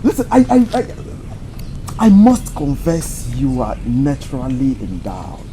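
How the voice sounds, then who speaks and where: A man plays a boastful wealthy Nigerian man in a comedy film, bragging about his money and good works. His mid-pitched voice swings widely, with a faint hum of ambience behind. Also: unhurried. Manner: bragging, flattering. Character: self-important wealthy man boasting of charity.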